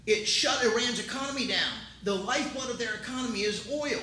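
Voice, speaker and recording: Emphatic, high-voiced commentary host. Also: male voice, brisk, sharp tone. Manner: emphatic, indignant. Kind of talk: political commentary. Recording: roomy, distant mic, faint rumble.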